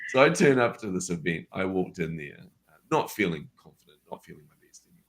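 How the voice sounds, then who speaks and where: A New Zealand man with a deep, low voice appears as a guest, telling a personal story in a relaxed conversation. He talks fast and is an animated storyteller who acts out the dialogue he remembers.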